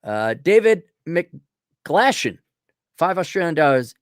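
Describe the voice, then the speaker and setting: A middle-aged man hosting a livestream, reading viewer donations and ranting bluntly with profanity, frequent throat-clearing, and a voice that is giving out. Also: high voice, very animated, measured pace, no room sound, studio quality. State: losing his voice. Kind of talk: blunt opinionated livestream rant.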